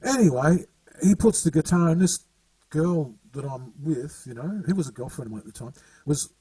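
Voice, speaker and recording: A man telling stories in casual chat as a guest musician, halting and rambling with frequent laughs, heard over a video call. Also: on the high side, expressive, warm tone, breathy edge, no room sound, far from the mic, low-quality recording.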